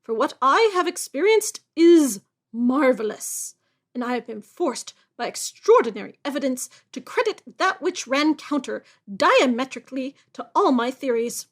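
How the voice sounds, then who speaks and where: A woman's voice: high-pitched, expressive, moderate pace. A woman reading as a grave old general. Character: grave old male general, gruff and haunted. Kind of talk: audiobook reading.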